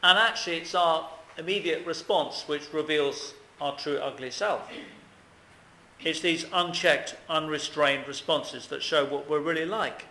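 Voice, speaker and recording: A man preaches with earnest emphasis, putting questions to his congregation. His voice is bright and a little high. The recording carries a roomy echo with faint ambient noise behind it. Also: unhurried. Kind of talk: sermon.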